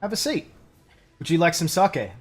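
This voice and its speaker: A man's voice: a little high, big pitch swings, normal speed, breathy edge, soft background music. A man voicing a friendly, lonely male spirit warrior who is oddly hospitable and playful. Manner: overly hospitable, playfully odd.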